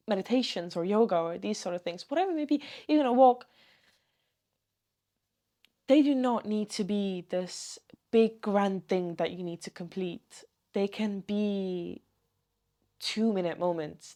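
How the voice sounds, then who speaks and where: A woman talking to camera in a personal vlog, gentle and earnest, with meandering sentences. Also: mid-range voice. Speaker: vlogger.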